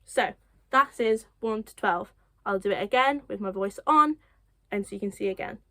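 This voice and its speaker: A young woman teaching children sign language, counting slowly and encouraging them with light self-deprecating laughs. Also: medium pitch, pushed and bright, dry recording. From United Kingdom. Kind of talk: children's lesson, slow counting.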